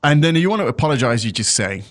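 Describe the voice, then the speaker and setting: A man's voice: mid-range voice, fast. A man teaching a language lesson in casual chat, acting out dialogue lines. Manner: animated, acts out dialogue lines.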